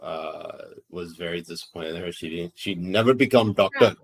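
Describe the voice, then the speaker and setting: A man's voice: low voice, normal speed. A man hosting a casual podcast, cutting in with dry, teasing questions. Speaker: podcast host.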